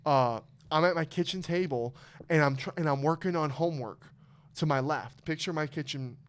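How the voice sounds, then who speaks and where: A young man with a smooth, resonant voice tells raw, heartfelt stories on a casual podcast. He swears constantly and talks in an open, emotional way. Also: fairly high pitch, normal speed. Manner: emotional storytelling, heavy swearing. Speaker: podcast host.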